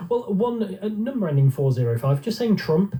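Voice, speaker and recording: Amused male co-host, very dark tone, a bit off-mic. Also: high-pitched, very animated, normal speed, far from the mic. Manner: amused, reading out listener texts. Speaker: radio co-host. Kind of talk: casual radio banter.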